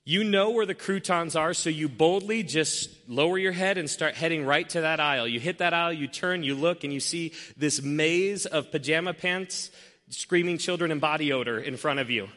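A man preaching a sermon, telling an everyday story and acting out its scenes with lively shifts in voice. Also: on the high side, moderate pace. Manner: animated, acts out scenarios with changing voices. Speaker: pastor. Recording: long hall reverb.

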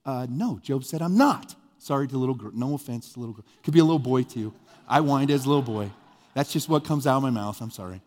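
A man's voice: fast, long reverb tail. A male pastor, giving a conversational sermon with sudden bursts of emphasis. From US Midwest. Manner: conversational, animated preaching with sudden rises in pitch and volume.

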